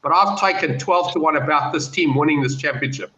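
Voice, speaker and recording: Guy talking bets on a call, tense bright voice, lo-fi roomy sound. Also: fairly high pitch, fairly quick. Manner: animated, storytelling, confident. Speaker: betting pundit. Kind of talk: casual panel chat. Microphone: video call. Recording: roomy, dull lo-fi call audio.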